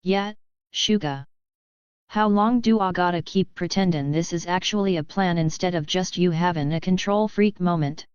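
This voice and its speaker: A bored young southern woman drips lazy sarcasm, as a woman narrator voices her. Her voice is low and smooth, the sound dry. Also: moderate pace, no echo, lo-fi sound, natural voice. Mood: sarcastic. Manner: sarcastic drawl.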